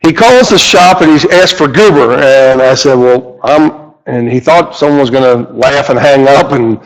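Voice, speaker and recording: A man's voice: mid-range voice, moderate pace, low-quality recording. A middle-aged man with a Midwestern American accent, a car shop owner and radio host, telling rambling stories full of fillers. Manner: rambling, anecdotal, many fillers. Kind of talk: casual storytelling talk.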